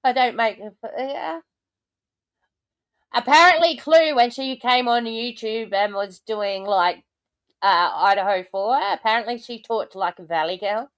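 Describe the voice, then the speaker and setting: A woman's voice: fairly high pitch, a little slow, no echo. A woman hosting a show, commenting sarcastically on clips and swearing often. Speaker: host reacting to clips. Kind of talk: casual commentary over clips.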